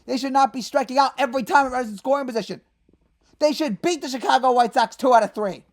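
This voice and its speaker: A fed-up woman rants as a fan host, and her fairly high voice swings from low mutters to sudden shouts. She sounds worked-up and exasperated. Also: quick pace. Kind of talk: angry fan rant.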